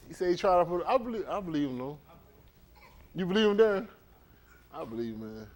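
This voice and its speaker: A man's voice: a little high, brisk, pauses often. A man leading a congregation, telling teasing stories in casual banter before the service, in an indoor hall. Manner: teasing, storytelling, animated. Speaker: congregation leader.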